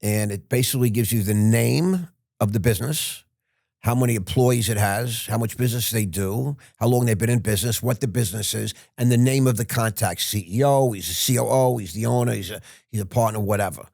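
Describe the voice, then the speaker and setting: An older man tells a long story in a loose, rambling way, often stopping and restarting mid-sentence. His voice is low and husky, with a gravelly edge. The sound is close and dry. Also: brisk, a little mellow, no echo. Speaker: podcast guest. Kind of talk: casual storytelling.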